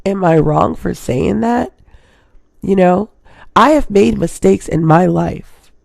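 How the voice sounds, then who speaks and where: Thirties woman from hawaii chatting away on her stream, lots of vocal fry, dry close sound. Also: mid-range voice, slow, darkish tone, dry recording. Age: 30s. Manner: rambling, chatty, keeps addressing viewers. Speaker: live-stream host. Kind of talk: casual live-stream chat.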